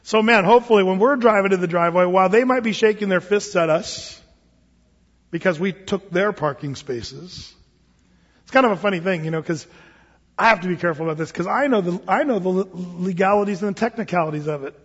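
High-voiced joking pastor in a hall. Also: male voice, a little fast, a bit bright, slightly rough. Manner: conversational, joking asides. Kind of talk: sermon. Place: church sanctuary. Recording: dull sound with long hall reverb.

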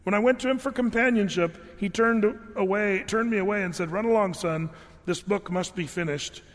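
A man reading the part of a young offender in court, measured and sorrowful. The voice is fairly high for a man and carries through a long, echoing hall. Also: lightly acted. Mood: regretful. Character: young male offender, grave and regretful.

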